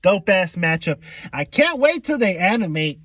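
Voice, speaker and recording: A young man giving an excitable, profane, slang-heavy casual recap of a comic chapter, acting out characters' lines as he goes. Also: high voice, moderate pace. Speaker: manga reaction youtuber.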